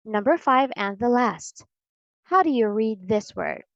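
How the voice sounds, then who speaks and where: A woman with an American accent teaching English pronunciation in a slow, deliberate lesson, repeating each word for drills. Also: fairly high pitch, a little mellow, no echo, highs cut off.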